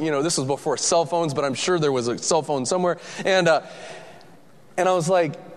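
A man telling a lively, self-mocking personal story to an audience, acting out the voices of the people in it. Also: fairly high pitch, fairly quick, in a large hall.

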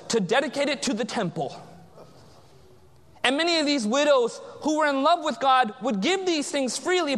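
A pastor preaches a sermon in a large church sanctuary, quizzing the congregation with call-and-response questions. His voice is extremely high-pitched with a fairly bright tone, and the recording carries long church reverb.

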